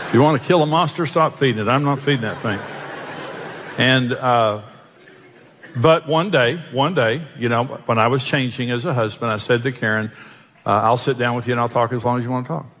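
A man's voice: mid-range voice, fairly bright tone, slight background noise. A male pastor preaching a sermon, telling jokes and self-mocking stories. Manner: joking, self-mocking storyteller. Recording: long hall reverb.

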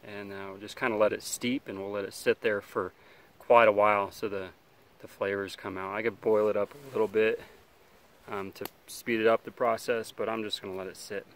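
A man hosting a casual outdoor survival vlog, talking in a relaxed, rambling way by a campfire, sometimes chewing as he speaks. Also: on the low side, a little fast. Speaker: outdoor survival channel host.

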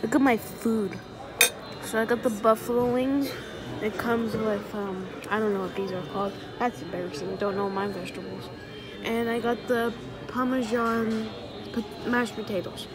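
A young woman chatting on her mother's vlog, deadpan and giving short answers. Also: fairly high pitch, normal speed, loud music behind the voice. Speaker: daughter on the vlog. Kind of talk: casual vlog chat. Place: restaurant, then a mall coffee shop.

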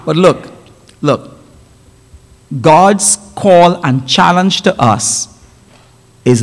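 A man preaching a sermon in a church, telling a story with emphatic, animated delivery and brief character voices. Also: fairly high pitch, slow pace, pauses often. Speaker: pastor. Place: church sanctuary. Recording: long church hall reverb.

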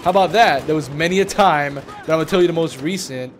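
A man's voice: on the high side, fast talker, background noise. A young man chatting while gaming, telling rambling, profane stories with lots of laughing, recorded at home on a desk mic. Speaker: video uploader and player. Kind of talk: casual gaming chat. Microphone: home desk mic, audio only.

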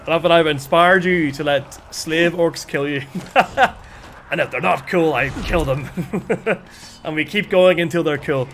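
A man with a Northern Irish accent, commentating live on his gameplay in an excitable, chatty way, calling out to his viewers. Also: a little high, a little slow, a little hiss or hum. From Northern Ireland. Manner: excitable, chatty, calls viewers lads and chat. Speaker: game streamer. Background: music.

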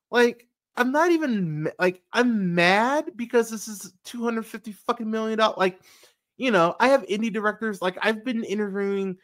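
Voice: medium pitch, fairly bright tone. A movie podcast host giving a casual review as a rambling, profane rant full of fillers and restarts.

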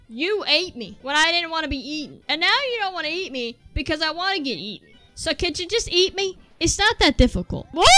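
A young adult woman giving let's play commentary, excitable, with panicky outbursts and self-mocking banter. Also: sits high. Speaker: gaming YouTuber.

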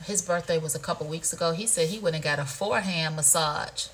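A woman hosts a live shopping show, casually chatting with viewers as she demos a product, playful and sprinkling in "y'all" and "honey." Her voice is lowish, her pace moderate with few pauses, and there's a little hiss or hum.

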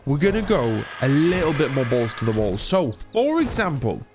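A man's voice: mid-range voice, big pitch swings, normal speed, over music. A man from England giving casual, rambling commentary while playing a video game, swearing now and then. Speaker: gaming YouTuber.

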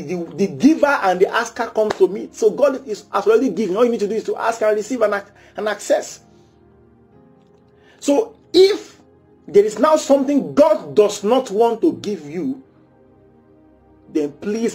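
A man preaching a sermon, animated and acting out little scenes as he makes his point. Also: sits high. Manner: animated, acts out small scenes, repeats phrases.

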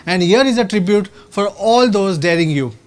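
A man's voice: high voice, lively intonation, normal speed, a little mellow. A man giving a proud, rallying scripted keynote as a company executive at a product launch. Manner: proud, rallying, slightly stilted phrasing.

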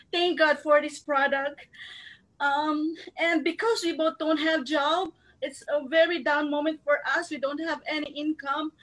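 A woman from the Philippines speaks in a high, bright register. She gives an earnest, heartfelt testimonial at a recognition event, working to keep her tears back as she speaks. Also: low-quality recording. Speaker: marketing director giving a recognition speech. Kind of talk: emotional testimonial speech.

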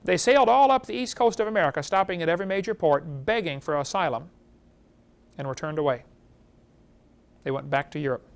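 Animated high-voiced male lecturer. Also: a little fast, creaky, pauses often, clean tone. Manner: animated, rhetorical questions to the audience. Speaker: creation seminar speaker. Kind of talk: lecture to a live audience.

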